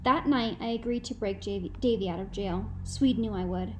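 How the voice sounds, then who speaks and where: A woman narrating a first-person novel in a measured, reflective storytelling manner. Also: mid-range voice, a little hiss or hum, rough recording. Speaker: audiobook narrator.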